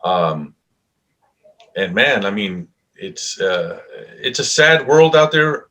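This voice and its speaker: A man with a lowish, bright voice hosts the interview. He speaks haltingly and works through his thoughts aloud with plenty of fillers. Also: big pitch swings. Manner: halting, many fillers, reflective. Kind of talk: interview chat.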